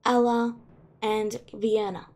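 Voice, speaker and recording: A woman acting as game master, narrating scenes and briskly directing the players. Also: on the high side, little pitch movement, darkish tone.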